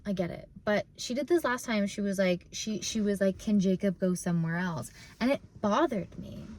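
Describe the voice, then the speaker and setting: A woman's voice: medium pitch, expressive, moderate pace, a little hiss or hum. Young woman talking tearfully in a parked car. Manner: rambling, full of fillers and restarts. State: close to tears. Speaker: vlogger. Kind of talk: casual emotional vlog.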